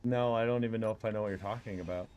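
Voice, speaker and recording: A man's voice: lowish voice, fairly even intonation, rapid-fire, darkish tone, clear, resonant tone, dull audio. A man chatting casually as a guest on a co-op gaming stream, easygoing and hedging as he talks.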